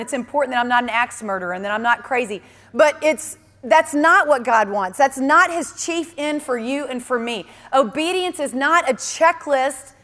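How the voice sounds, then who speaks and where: Woman preacher, high voice, earnest and emphatic, repeats for stress, reverberant hall sound. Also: fairly bright tone. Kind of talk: sermon.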